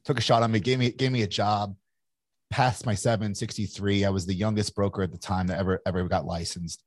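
Man, very low voice, husky, dry close sound, candid rambling storyteller. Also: fairly even intonation, fairly quick, darkish tone, dry recording. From Kentucky, USA. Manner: candid, rambling, frequent restarts. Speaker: entrepreneur guest. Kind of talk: casual interview storytelling.

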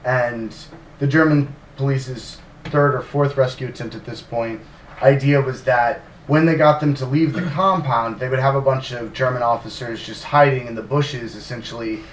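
A man casually retelling history as a podcast co-host, animated and sarcastic, with plenty of fillers and the odd swear word. His voice sounds roomy, and the mic sits some distance away. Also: mid-range voice, normal speed, slight background noise. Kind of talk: casual storytelling.

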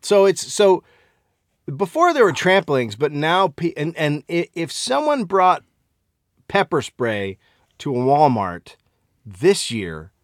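Guy ranting on a comedy podcast, swears a lot, bouncy highish voice, dry sound. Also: very animated, slow pace, no room sound. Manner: profane, riffing, exaggerated outrage. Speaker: podcast co-host. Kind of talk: crude comedic banter.

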